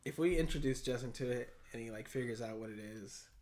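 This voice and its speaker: A man's voice: medium pitch, fairly quick, a little mellow. A man co-hosting a casual podcast, talking in laid-back slangy banter and swearing freely. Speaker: podcast co-host. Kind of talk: casual chat.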